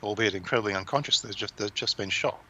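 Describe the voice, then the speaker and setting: A man co-hosting a casual conversation, explaining ideas thoughtfully with pauses. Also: on the low side, bright, forceful tone. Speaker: podcast co-host. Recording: dull lo-fi sound with faint noise.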